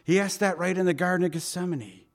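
A man preaching a sermon, telling scripture as vivid scenes with rhetorical questions, dropping soft for tender quoted lines. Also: fast talker. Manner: voice drops soft and low for quoted tender words.

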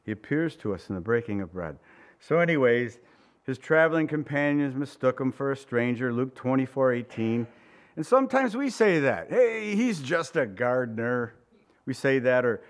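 With lively intonation and at a normal speed, a male pastor preaches in a chatty, conversational manner. He questions his listeners and dramatizes quotations through large shifts in pitch.

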